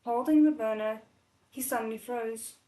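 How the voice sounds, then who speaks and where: A woman with a somewhat high, dark voice reads a novel aloud at a normal pace, choked up from crying and stopping between passages for emotional, tearful comments. She hosts a novel readalong, and the recording is rough and full of reverb.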